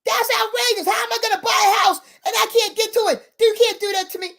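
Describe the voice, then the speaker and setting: A woman's voice: very high voice, fairly even intonation, fast talker, vocal fry, fairly bright tone, voice pushed up, full character voice. A woman doing an outraged dapper male buyer. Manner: outraged, sputtering.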